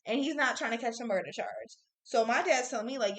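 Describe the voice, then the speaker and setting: A young woman with a high, bright voice tells a story on a podcast, blunt and full of swearing. She is recorded in an echoey room. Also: expressive, fast, hardly any pauses. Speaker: podcast co-host. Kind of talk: casual storytelling chat.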